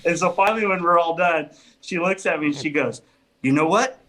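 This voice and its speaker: A man's voice: a little high, brisk, poor audio. A man, a flooring business owner from California, telling funny job stories as a podcast guest and laughing often. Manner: animated storyteller, laughs often. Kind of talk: casual storytelling chat.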